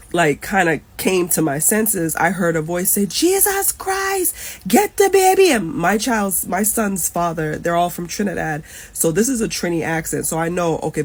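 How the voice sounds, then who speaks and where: A woman's voice: lowish voice, husky. A woman in her thirties telling an emotional personal story in a casual storytime. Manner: emotional, animated retelling.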